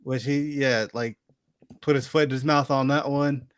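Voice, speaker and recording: A man's voice: mid-range voice, steady tone, moderate pace, clear, resonant tone, no room sound, clean studio sound. A young adult man co-hosting a podcast, chatting animatedly with emphatic opinions and casual swearing. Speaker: podcast co-host. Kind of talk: casual chat.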